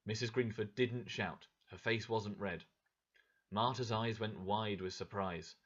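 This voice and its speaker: A man narrating a story for English learners with a clear, expressive reading. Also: lowish voice, unhurried, dull audio.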